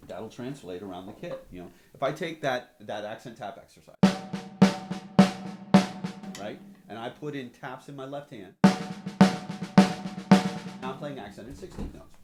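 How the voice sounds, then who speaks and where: In a reverberant room with loud music behind him, a man with a mid-range, expressive voice explains drum stick strokes. He speaks a little slowly and pauses often, counting beats aloud and asking "right?" as he goes. It's an instructional demonstration, with drums and clicks audible under his voice.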